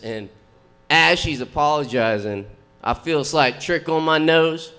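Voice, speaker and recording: A brash young-sounding man working a comedy club stage, delivering profane, rambling stories. His voice sits a bit high and comes across bright and forceful. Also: measured pace, smooth. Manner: profane, brash storytelling with crude punchlines. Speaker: stand-up comedian. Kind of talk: stand-up set.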